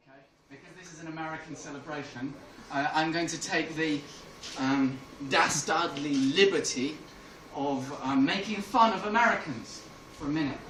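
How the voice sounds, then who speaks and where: A man's voice: a little high, moderate pace, a bit bright. An English comedian telling stories on stage, chuckling through his punchlines. He is heard from far off in an echoey club room, with noise all around. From England. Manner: laughing through his own jokes. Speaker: stand-up comedian. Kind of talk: stand-up storytelling. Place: club room with a live audience.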